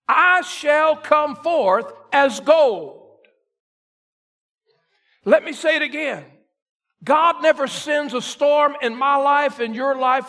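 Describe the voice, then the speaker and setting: A man pastor preaching a sermon, reading scripture slowly and building to loud emphatic peaks. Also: very high-pitched. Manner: voices a questioning listener in first person.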